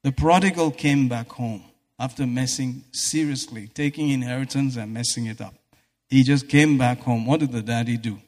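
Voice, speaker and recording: Fervent preacher with hall echo. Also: male voice, medium pitch, normal speed, darkish tone. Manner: fervent, punctuated with exclamations of praise. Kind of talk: sermon. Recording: echoey hall reverb.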